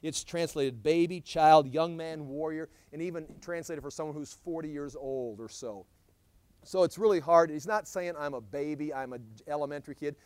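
Animated man teaching Bible study. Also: a little high, moderate pace, clear, resonant tone, no echo. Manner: animated, acts out scripture quotes, frequent restarts.

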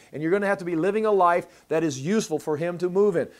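A man's voice: high-pitched, quick pace, hardly any pauses. A man teaching a Bible passage as a pastor, in a conversational way, often repeating words as he restarts and reading scripture aloud.

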